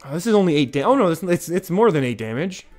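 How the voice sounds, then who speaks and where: A man streaming a card game, chatting casually with his viewers and reacting with excitement to each play. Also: on the high side, fast. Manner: chatty, reads chat aloud, excitable. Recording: faint music behind.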